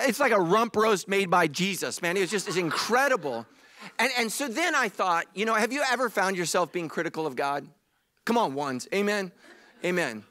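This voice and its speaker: A man's voice: high-pitched, animated, moderate pace, sharp tone. A man preaching a sermon as pastor, emphatic and repetitive, mixing humor with earnest appeals. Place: church stage.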